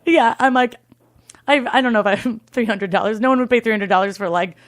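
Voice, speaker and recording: A young adult woman, a comedian, telling a story in a casual interview, animated and swearing, acting out the voices of the people in it. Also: on the high side, fast, dry recording. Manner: animated, swearing, acts out voices in her stories. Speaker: comedian and singing waiter.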